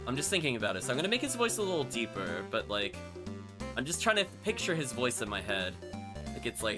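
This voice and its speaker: A man's voice: medium pitch, very animated, fast talker. A man streamer musing and chatting casually while playing a game, with self-conscious restarts, over game music. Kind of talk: casual let's-play commentary.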